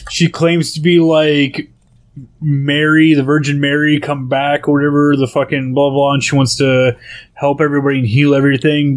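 A man in his thirties with a voice pitched a little high, telling profane stories in casual podcast chat. He talks fast when he gets worked up and laughs at his own rants. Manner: profane, animated storytelling. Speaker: podcast co-host.

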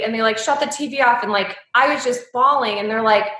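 A woman in her thirties tells her own story in an interview, open and heartfelt, her talk full of likes and ums. Her voice is bright and forward and sits a little high. The room around her rings with echo. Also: brisk, few pauses. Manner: candid, emotional, speaks with many likes and ums. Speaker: guest.

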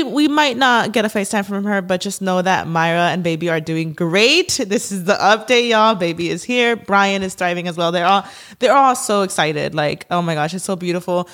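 A woman in her thirties hosting a podcast, chatting casually and rambling excitedly with many fillers. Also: mid-range voice. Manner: gushing, rambling, lots of "like" and "y'all". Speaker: podcast host. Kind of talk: casual chat.

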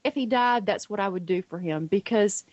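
A middle-aged woman, a guest on a radio show, tells family stories warmly and acts out the voices of the people in them. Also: medium pitch, normal speed, no room sound, muffled recording. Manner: animated storyteller who acts out the quoted voices.

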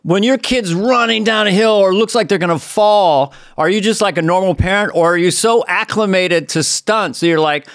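A middle-aged man on a podcast with a somewhat high voice for a man. He talks in an earnest, rambling way. The sound is close and dry. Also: moderate pace, a bit bright, no echo. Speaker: podcast co-host. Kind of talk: casual chat.

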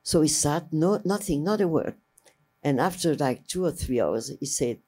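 She speaks slowly in a deep, warm voice with a breathy edge: an older French-native filmmaker being interviewed about her memories. Her storytelling rambles with energy, full of restarted phrases and impersonations of other people's speech.

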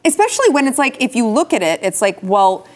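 A woman's voice: a little high, very animated. A woman hosting a casual political talk show, indignant and rattling off complaints. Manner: indignant, rapid-fire lists of complaints. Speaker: host.

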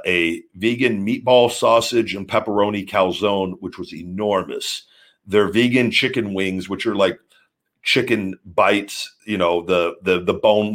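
A man hosting a live stream, talking casually in a rambling, blunt way and swearing freely. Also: sits low. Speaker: show host.

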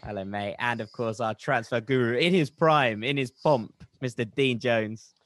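A man's voice: mid-range voice, moderate pace, no room sound, studio quality. A man hosting a casual football podcast, reciting a rhyming poem and then bantering and laughing with his co-hosts. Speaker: podcast host.

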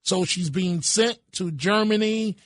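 A man's voice: sits high, measured pace, no echo. A man hosting a talk radio show from the studio, talking in a rambling, hesitant way full of restarts.

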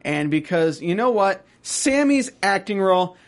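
A man's voice: high voice, unhurried. A man co-hosting a casual podcast, recapping a TV show and acting out scenes with voices. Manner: animated, acts out scenes with voices. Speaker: podcast co-host.

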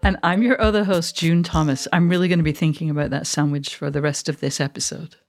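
A woman's voice: low-pitched, steady tone, quick pace, darkish tone, faint music behind. A middle-aged woman from Manchester with a mid-Atlantic accent, co-hosting a podcast in wry, reflective casual chat and laughing easily. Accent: mid-Atlantic with Mancunian roots. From Manchester, England. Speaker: podcast co-host.

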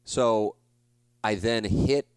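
A man's voice: on the low side, very slow, a little mellow, smooth, no room sound. A man in his forties, a podcast host, telling a rambling, self-deprecating story in a casual monologue. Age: 40s.

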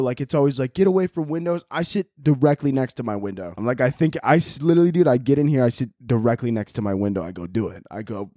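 A man riffs loosely on a comedy podcast, swearing freely and cracking himself up as he rambles. His voice sits at an ordinary pitch for a man. The recording is dry and close, with no room sound. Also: darkish tone, dry recording. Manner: profane, rambling, laughs at own jokes. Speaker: podcast host. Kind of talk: casual comedic rant.

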